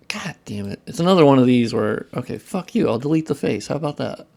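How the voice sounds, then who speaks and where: A man's voice: mid-range voice, lively intonation, fairly quick, vocal fry, hardly any pauses, darkish tone, husky. A young man chatting casually on a live stream while he works, muttering and swearing at his tools and joking with viewers. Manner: profane, self-deprecating muttering to chat. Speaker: modding streamer.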